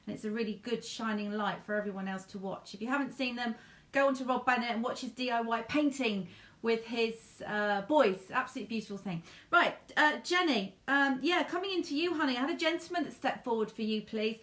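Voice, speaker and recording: A high-pitched woman speaks as a medium in a live online reading, gushing and repeating herself, calling people darling and sweetheart. The room echoes noticeably around her voice. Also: a little fast. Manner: warm, chatty, endearments to viewers; gushing, repetitive phrasing. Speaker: psychic medium.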